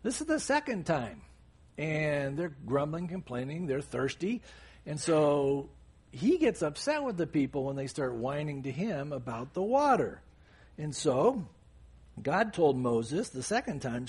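Brief: male preacher, lively up-and-down delivery, slightly husky, chatty asides. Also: fairly high pitch, measured pace. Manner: animated, conversational teaching with asides. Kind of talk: sermon.

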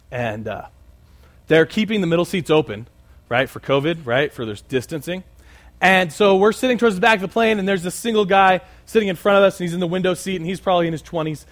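A man preaching a sermon and telling a story, animated and conversational with many asides. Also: fairly high pitch. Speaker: pastor.

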